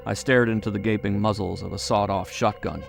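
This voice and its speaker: A man narrating a horror audiobook in a measured, suspenseful way. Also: lowish voice, steady tone, vocal fry, over music.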